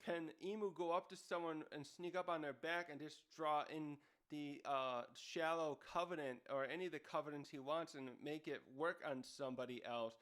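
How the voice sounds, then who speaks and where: A man talks casually through a manga chapter, rambling and correcting himself as he goes. His voice sits a little high, and it is smooth and clear. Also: fairly even intonation, moderate pace, few pauses, a bit bright. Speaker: manga reviewer. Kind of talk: casual commentary.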